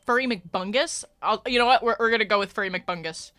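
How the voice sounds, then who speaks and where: A woman livestreamer in casual, chatty talk with her viewers as she plays a game, swearing and joking, with sudden shouted outbursts. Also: mid-range voice, a little fast. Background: faint background music.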